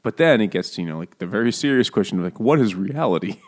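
A man with a lowish voice chatting casually about a book. He laughs a lot and slips into playful voices when he quotes the characters. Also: fast talker. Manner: jokey, laughing often, animated quoting of characters. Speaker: podcast co-host.

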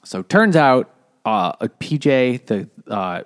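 A man's voice: mid-range voice, big pitch swings, slow, no echo, clean studio sound. A man casually retelling a novel's plot on a book podcast, rambling with lots of fillers. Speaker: podcast co-host.

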